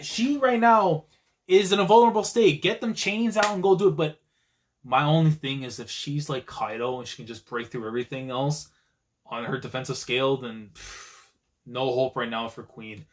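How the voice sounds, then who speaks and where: A man hosting a live manga reaction, talking in an excitable, slangy way with frequent exclamations. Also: on the high side, moderate pace.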